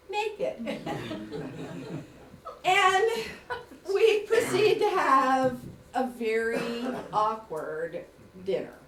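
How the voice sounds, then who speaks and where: Woman doing a live comic story onstage, kinda high voice, audience noise behind her. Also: distant mic. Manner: wry, animated, self-mocking. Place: theater stage before a laughing audience. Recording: roomy live theater recording with audience noise.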